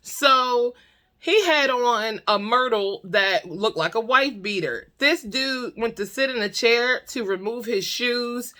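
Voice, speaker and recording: A woman telling a comic storytime to her camera, animated and blunt, laughing often. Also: on the high side, slow pace. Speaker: storytime vlogger. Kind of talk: casual comedic storytime. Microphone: talking to her own camera.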